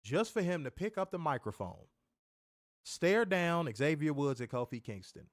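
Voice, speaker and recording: A man's voice: a little high, very animated, moderate pace, no room sound, clean studio sound. A man reviewing a wrestling show in casual chat, ranting animatedly and swearing often.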